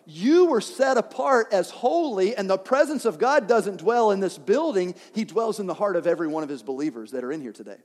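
A man's voice: sits high, animated, brisk, few pauses, a little mellow. A young man preaching a sermon in a church, talking animatedly and asking the congregation questions. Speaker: pastor. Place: church sanctuary. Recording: long reverb of a church hall.

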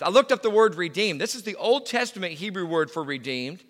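A man's voice: high voice, lively intonation, a little fast, few pauses, pushed and bright, long reverb tail. A male pastor preaching a sermon in a conversational way, full of fillers and restarts. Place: church sanctuary.

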